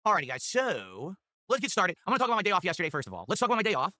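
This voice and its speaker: Brief: boastful male streamer, rapid-fire delivery, bright tense voice, dry close sound. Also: high-pitched, wildly swooping pitch, no echo. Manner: boastful and chatty. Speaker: livestreamer thanking donors. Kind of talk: casual livestream chat.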